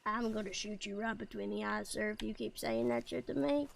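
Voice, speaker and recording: A woman's voice: medium pitch, brisk, gravelly, slight background noise. A woman streaming a game in character as a bashful male cowboy outlaw, stammering and rambling with frequent laughs.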